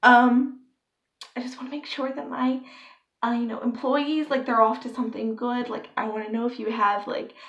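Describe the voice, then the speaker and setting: A woman's voice: on the high side, little pitch movement, moderate pace, fairly bright tone, highs cut off. A young woman telling a story on her vlog, rambling and filling her talk with "like.". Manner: rambling, filler-heavy with constant "like". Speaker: vlogger.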